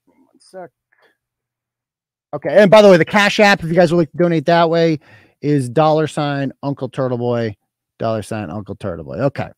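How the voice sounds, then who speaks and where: A man's voice: a little high, lively intonation, normal speed, long pauses, no room sound. A man hosting a casual livestream, talking in a crude, mocking, profane way. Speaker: host.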